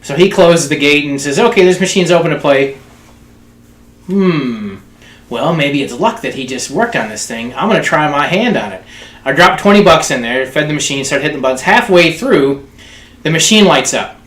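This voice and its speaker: A man co-hosts a casual podcast and spins an easygoing, jokey story. His voice sits a little high. The room around him rings with echo. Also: a bit bright. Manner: laid-back, jokey, mimics other people's voices in stories. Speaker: podcast co-host. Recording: echoey room.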